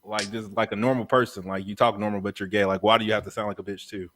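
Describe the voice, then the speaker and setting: A man arguing his point in a heated casual podcast debate, repeating himself and dropping his voice low when he insists. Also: level tone, fast talker, a bit bright.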